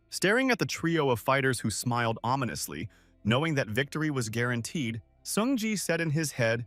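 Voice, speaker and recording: A male narrator telling a comic recap in a storytelling manner, his pitch moving up and down freely. The sound is dry and close, with faint music behind it. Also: big pitch swings, brisk, fairly bright tone, no room sound. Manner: storytelling, reading quotes in-line.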